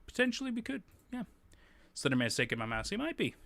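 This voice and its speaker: Lively, bright-voiced male streamer. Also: high voice, fast talker, gravelly. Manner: animated, laughs often, swears casually. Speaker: livestream host. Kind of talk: casual livestream chat.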